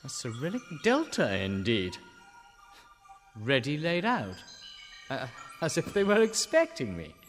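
A man's voice: medium pitch, huge pitch swings, measured pace, pauses often, in a large hall, faint music behind. A genteel young Englishman. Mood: bemused. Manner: genteel, chatty inner monologue. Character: polite young English gentleman traveler, bemused. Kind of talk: radio drama acting.

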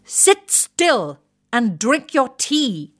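A woman voicing a blustering, exasperated retired military man with a plummy English accent, bellowing slow, emphatic commands. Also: fairly high pitch, very animated, voice pushed up, heavily acted.

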